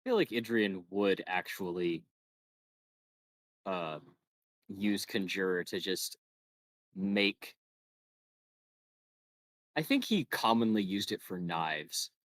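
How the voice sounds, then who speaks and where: A man playing in a tabletop role-playing game, speaking slowly in character and out of it. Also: low-pitched, no echo. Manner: slow, gravelly, flat. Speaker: player.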